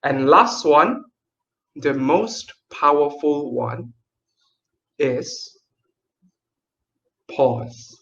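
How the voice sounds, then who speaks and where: A man teaching an online kids' storytelling class, lively and playful, with dramatic pauses. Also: on the high side, vocal fry, echoey room, highs cut off.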